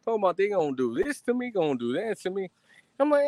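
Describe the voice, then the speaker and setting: A man's voice: high voice, very animated, fast, a little mellow, no echo. A young man, ranting on a livestream in a boastful, profane, swaggering way. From Texas. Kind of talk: casual rambling livestream rant. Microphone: streaming mic.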